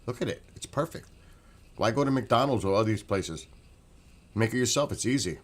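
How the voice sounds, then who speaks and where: A man with a deep, low voice talks in a loose, rambling vlog at home. He raves with enthusiasm and circles back to the same points again and again. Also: animated, normal speed. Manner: enthusiastic, rambling, repeats himself. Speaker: vlogger. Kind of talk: casual chat.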